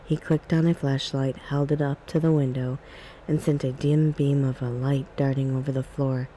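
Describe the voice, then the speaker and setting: A woman reading a spooky children's book aloud in a soft, calm ASMR style. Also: extremely low pitch, normal speed, a little hiss or hum, rough recording. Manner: calm, even storybook reading.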